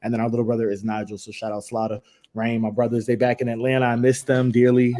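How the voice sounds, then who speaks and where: A man's voice: mid-range voice, completely flat delivery, fast, warm tone. A young man from Massachusetts, a guest answering interview questions in an easygoing, laid-back way. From Springfield, Massachusetts. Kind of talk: relaxed conversational answers.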